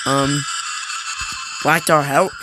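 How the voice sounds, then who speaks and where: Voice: medium pitch, flat delivery, drawn-out words, very noisy. A streamer chatting casually and jokingly with viewers while playing a game, rambling from one topic to the next. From United States. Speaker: live streamer. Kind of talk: casual live-stream chat while gaming. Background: game music.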